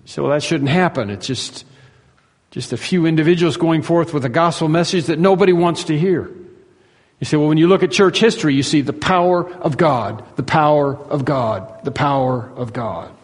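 A man preaching a sermon, emphatic, rising to loud peaks and dropping to hushed asides. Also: a little high, moderate pace, husky, long reverb tail. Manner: emphatic, swings between soaring and hushed. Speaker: pastor.

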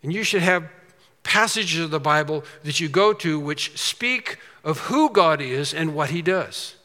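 A man preaching a sermon as pastor, emphatic, swinging from quiet asides to loud, drawn-out declarations. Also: fairly high pitch, animated, big-room sound.

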